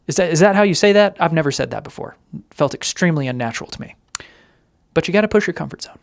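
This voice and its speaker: A man's voice: on the high side, fast talker, vocal fry, soft background music. A man hosting a comedy video who delivers a scripted monologue in a sarcastic, self-deprecating way.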